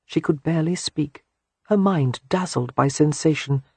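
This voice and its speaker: Soft-voiced, breathy audiobook narrator. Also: medium pitch, normal speed, dry recording. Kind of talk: scripted romance narration.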